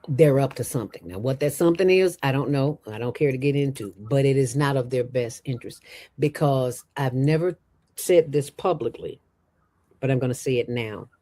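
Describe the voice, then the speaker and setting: A woman who founded a nonprofit, telling stories in an interview with an emphatic, streetwise, animated manner. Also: a bass voice, normal speed.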